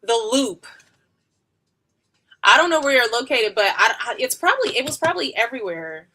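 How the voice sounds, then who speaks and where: A woman's voice: fairly high pitch, very animated, moderate pace, bright, forceful tone, breathy edge. A woman in her thirties chatting casually and rambling on a home livestream while working on a wig, with slang and frequent laughter. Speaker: beauty livestreamer. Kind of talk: casual live-stream chat during a wig tutorial.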